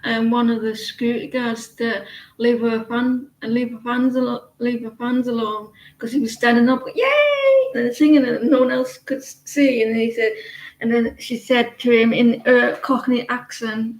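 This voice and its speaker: A British tarot reader chats on a casual live stream, rambling and gossiping with plenty of hesitations. Her voice is fairly high and flat, at a normal pace, in an echoey room on a rough recording.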